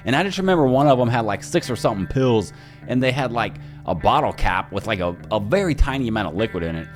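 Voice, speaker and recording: A young man casually telling stories from his childhood, talking loosely with lots of slang and acting out quoted people in higher voices. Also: animated, quick pace, soft background music. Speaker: podcast storyteller. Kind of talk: casual personal storytelling.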